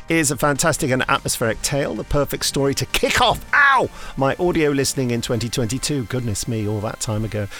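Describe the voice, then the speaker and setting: A man's voice: mid-range voice, fairly bright tone. A man co-hosting a podcast, reading listener reviews aloud with jokes and laughs. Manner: jokey, laughs while reading. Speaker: podcast co-host.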